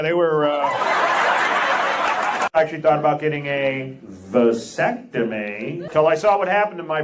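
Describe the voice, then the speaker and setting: A male stand-up comic with a fairly high voice that swings widely in pitch. He delivers deadpan setups, then bursts into loud acted lines. The live recording carries heavy noise. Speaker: stand-up comedian. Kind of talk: stand-up comedy.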